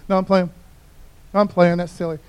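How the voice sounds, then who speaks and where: A man preaches in a loose, conversational way, often dropping in "man" and asking the crowd for an amen. His voice sits high for a man and he shifts freely between quiet asides and raised, emphatic points. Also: flat delivery, moderate pace, smooth. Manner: conversational, keeps saying "man", calls for amens. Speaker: pastor. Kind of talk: casual sermon.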